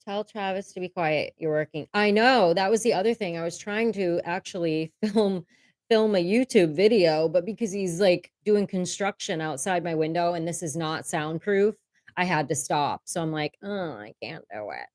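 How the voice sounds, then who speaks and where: Woman, livestream host at home; low-ish, dry, candid and chatty. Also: moderate pace, darkish tone, no echo. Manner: candid and chatty, swears casually, laughs often. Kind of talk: casual livestream chat. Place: home room. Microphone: desk microphone.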